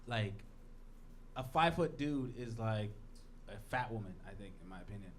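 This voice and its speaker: A man's voice: fairly low pitch, lively intonation, moderate pace, a little hiss or hum. A man doing stand-up in a comedy club, rambling and brash, full of fillers. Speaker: stand-up comic. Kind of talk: stand-up set and casual banter. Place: basement comedy club with audience. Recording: live club recording with crowd. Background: crowd laughter.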